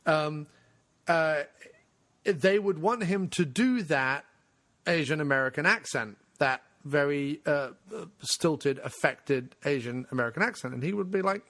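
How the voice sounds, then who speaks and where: A podcast co-host with a somewhat high-pitched voice, arguing his views with animated energy. He talks in a casual, opinionated way and drops swear words freely. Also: unhurried.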